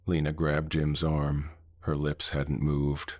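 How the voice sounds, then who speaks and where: Male horror narrator, extremely deep, husky, measured and ominous. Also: monotone, darkish tone, no room sound, studio quality. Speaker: horror storyteller.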